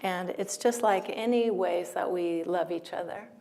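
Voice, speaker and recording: American lady doing a spiritual talk, gentle and easygoing, laughs a lot, goes almost whispery sometimes. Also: on the low side, vocal fry. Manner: gentle, unhurried, laughs often, drops to a near whisper at times. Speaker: speaker at a healing talk.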